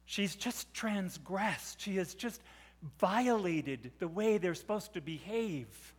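A middle-aged male preacher with a high voice delivers a sermon as dramatic storytelling. He drops to near-hushed tones, then swells to loud. His voice rings with the long reverb of a big hall. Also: lively intonation, slow, slightly rough.

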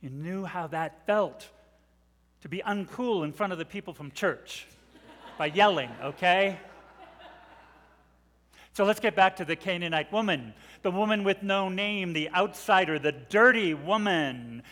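A middle-aged male preacher with a high voice delivers a sermon as dramatic storytelling. He drops to near-hushed tones, then swells to loud. His voice rings with the long reverb of a big hall. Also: unhurried.

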